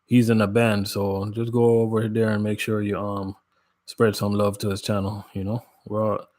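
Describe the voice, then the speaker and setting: A man from Jamaica hosts a casual livestream in a low voice. He chats in relaxed slang, calls out viewers by name and laughs often. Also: normal speed. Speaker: livestream host. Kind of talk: casual live chat with viewers.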